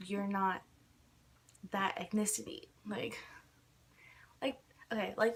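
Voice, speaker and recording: A young woman ranting casually to camera, irritated, filling her talk with "like" again and again. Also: a little high. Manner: irritated, fills with "like" constantly. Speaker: vlogger.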